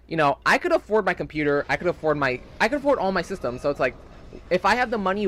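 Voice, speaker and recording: A man's voice: fairly high pitch, sing-song, quick pace, a bit bright. A young man rambling casually in gameplay commentary, chatty and full of fillers. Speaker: gaming channel host.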